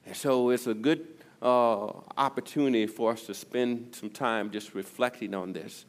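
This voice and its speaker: A male pastor preaching a sermon, his delivery swinging from loud emphasis to near-whispers. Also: medium pitch. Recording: long reverb of a church hall.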